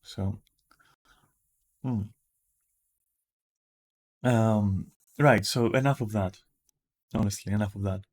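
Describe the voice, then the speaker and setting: A man streaming from home with a raspy, just-woken-up voice, rambling casually and swearing now and then. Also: on the low side, takes it slowly, long pauses, a little mellow. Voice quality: raspy morning voice. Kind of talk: casual livestream chat. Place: at home in front of a camera.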